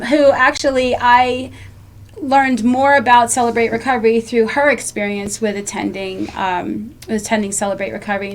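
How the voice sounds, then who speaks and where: Chatty New woman hosting. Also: fairly high pitch. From New York. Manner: chatty, many fillers and restarts. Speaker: podcast host. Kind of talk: casual recovery talk show.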